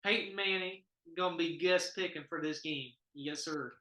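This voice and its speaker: A man's voice: on the high side, moderate pace, pushed and bright, reverberant, low-quality recording. A man co-hosting a casual sports podcast, dry and needling, poking holes in his friends' claims. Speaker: podcast co-host.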